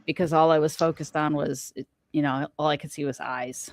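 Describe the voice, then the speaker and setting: A woman's voice: deep voice, normal speed, dry recording. A middle-aged woman recounting a personal encounter as a podcast guest, acting out quoted lines as she tells it. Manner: animated storyteller, acts out quoted lines. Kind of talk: casual storytelling interview.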